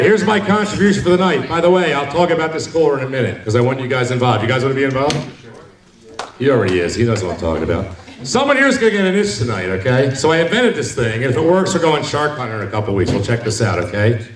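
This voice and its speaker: A man's voice: medium pitch, sing-song, quick pace. A man in his forties doing a stand-up set at a bar, joking and teasing the crowd. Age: 40s. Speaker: stand-up comedian. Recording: echoey hall, mic from far, crowd.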